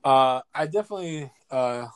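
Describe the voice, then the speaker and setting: A man's voice: mid-range voice, moderate pace, clear, resonant tone, no room sound. A young man, the host, tells a story in a casual chat and often starts lines over. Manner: animated storytelling with repeated restarts.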